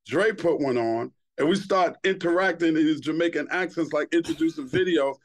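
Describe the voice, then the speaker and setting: A middle-aged man from Queens, New York, speaks in a slightly high, brisk voice as a podcast guest and former TV host. He tells casual, profane stories in an animated way, acting out the quotes as he goes.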